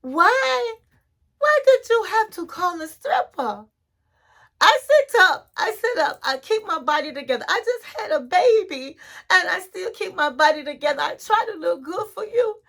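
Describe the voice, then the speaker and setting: A woman's voice: big pitch swings, slow pace, fairly bright tone, full character voice. Woman doing a sobbing, pleading young mother. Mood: tearful pleading. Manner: sobbing, whiny, high-pitched.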